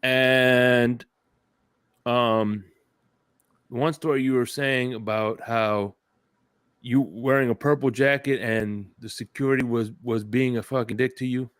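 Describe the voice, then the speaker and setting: A man's voice: medium pitch, steady tone, takes it slowly, a bit bright, clean tone, dry recording, studio quality. Casual man prompting a story. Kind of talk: casual podcast chat.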